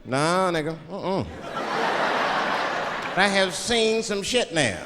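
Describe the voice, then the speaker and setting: A man with a Washington DC accent doing a stand-up comedy set, animated and slipping into put-on voices for his bits. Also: sits high, slow pace, in a large hall, a loud crowd. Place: large theater with live audience. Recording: live theater recording with audience noise.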